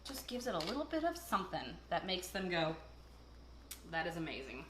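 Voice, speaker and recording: A woman's voice: mid-range voice, very animated, fairly quick, background noise. Chatty woman cooking in an echoey kitchen. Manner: chatty, joking, storytelling while cooking. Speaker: cooking show host. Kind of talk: casual cooking demonstration. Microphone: camera across the kitchen. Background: clattering dishes and cutlery.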